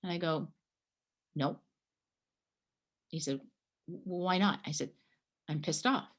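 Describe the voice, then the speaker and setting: A middle-aged woman from Canada, a guest telling a personal story in a conversation, animated and acting out the dialogue. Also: on the low side, takes it slowly. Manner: animated storyteller, acts out her own past dialogue.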